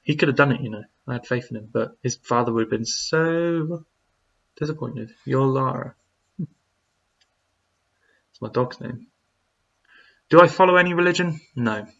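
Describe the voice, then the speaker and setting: A man chats loosely on a live stream, reading viewer questions aloud and wandering through his answers with plenty of ums. His voice sits at an ordinary middle pitch. The stream audio is a little dull and lo-fi. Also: normal speed, long pauses. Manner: rambling, reads out chat messages with many fillers. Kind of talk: casual live-stream chat.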